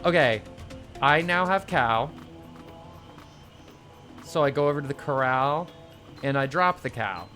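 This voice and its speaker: A let's play streamer with a fairly high, somewhat bright voice rambles casually about the game he's playing. When things annoy him he turns sarcastic and swears; game music is faintly audible.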